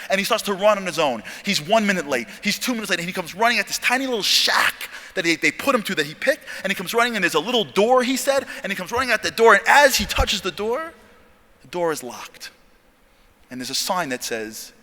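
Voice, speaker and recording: Forceful male storyteller, echoing hall. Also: high voice, fairly quick. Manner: animated, acts out dialogue. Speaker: convention speaker. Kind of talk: dramatic storytelling talk. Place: large convention hall. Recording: long hall reverb.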